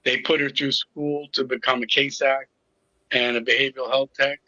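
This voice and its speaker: A man's voice: mid-range voice, little pitch movement, normal speed, bright, forceful tone, no room sound, dull audio. A middle-aged man telling his personal story as an interview guest, candid and with a sarcastic sense of humor. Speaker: interview guest, recovery coach.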